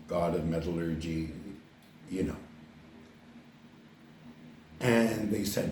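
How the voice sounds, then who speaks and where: A man's voice: sits low, slow, pauses often, a little mellow, a little hiss or hum. An older man from Canada, an author talking casually to camera about his book, rambling with many fillers and restarts. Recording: roomy echo, distant mic.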